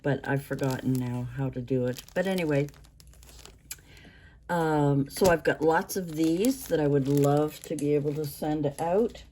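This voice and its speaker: A woman in her sixties hosting a craft vlog, talking in a rambling, halting way with many restarts. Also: low voice, mellow, slight background noise. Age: 60s. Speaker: craft channel host. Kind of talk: casual show-and-tell vlog.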